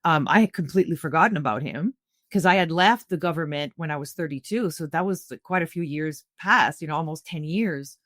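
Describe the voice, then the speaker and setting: A middle-aged woman from Canada recounts a personal story as a podcast guest, speaking in a slightly low voice. Her telling is earnest and animated, full of restarts. The sound is dry and close. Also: fairly quick, no room sound. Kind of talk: conversational storytelling.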